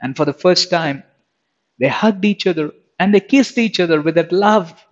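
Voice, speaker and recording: Man, preacher, sermon, emphatic, high-pitched, questions the audience, muffled lo-fi recording. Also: moderate pace. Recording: dull lo-fi sound.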